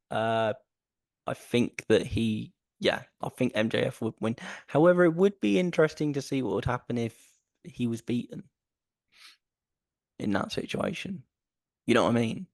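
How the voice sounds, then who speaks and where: A man's voice: medium pitch, vocal fry, a little mellow, no room sound, studio quality. A man co-hosting a casual podcast chat, enthusiastic and rambling, often repeating himself. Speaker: podcast co-host.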